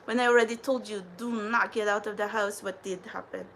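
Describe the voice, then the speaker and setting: A woman's voice: medium pitch, fairly even intonation, fairly quick, fairly bright tone, slight background noise, poor audio. A woman hosting a spiritual livestream, ranting in a profane, defiant and rambling way.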